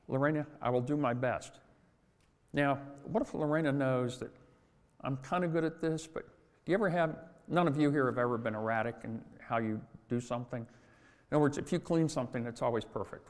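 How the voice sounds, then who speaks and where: A middle-aged man giving a chatty, self-deprecating convention talk full of anecdotes. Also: medium pitch. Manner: chatty, self-deprecating, laughs at own jokes. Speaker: speaker at a convention. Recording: long hall reverb.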